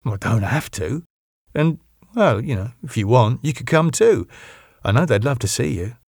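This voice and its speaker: A man reading an audiobook, voicing a relaxed, chatty Englishman in his own voice. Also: medium pitch, moderate pace, slightly rough, dry recording, clean studio sound. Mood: coaxing. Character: easygoing warm English man.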